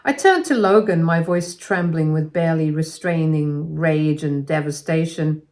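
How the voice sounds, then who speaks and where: A woman's voice: sits low, a little slow, few pauses, a little mellow. A woman reading a first-person story aloud in a scripted narration style, with dramatic delivery that rises into her own angry outbursts.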